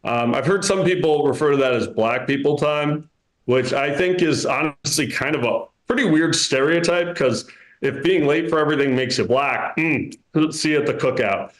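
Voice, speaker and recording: A man's voice: on the high side, normal speed. A man in his thirties performing a stand-up comedy set in a club, with a dry, self-mocking delivery. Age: 30s. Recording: roomy club echo.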